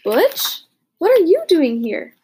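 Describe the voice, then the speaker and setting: A woman's voice: extremely high pitch, big pitch swings, slow, warm tone, pitched above the performer's own voice, heavily acted. A woman voicing an earnest, anxious young boy caught up in a war, in an audiobook.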